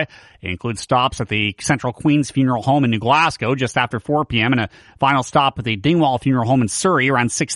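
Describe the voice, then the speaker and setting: A man anchors a radio newscast in an even, measured read. His voice sits in a middle register and comes through a close studio mic, with a dry, dead sound. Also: medium pitch, no room sound. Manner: steady measured newsreader delivery. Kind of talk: scripted news reading.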